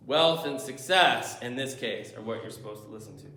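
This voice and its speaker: A man's voice: medium pitch, expressive, moderate pace, pushed and bright. A male pastor preaching a sermon in a church, telling stories and acting out movie scenes as he goes. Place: church sanctuary. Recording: echoey church room.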